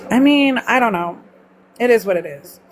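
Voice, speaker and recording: A woman's voice: on the high side, animated, moderate pace, slight background noise. A middle-aged woman from Mississippi with a Southern accent, blunt and chatty, swearing freely as she talks to viewers live. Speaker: livestream host. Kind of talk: casual live chat with viewers.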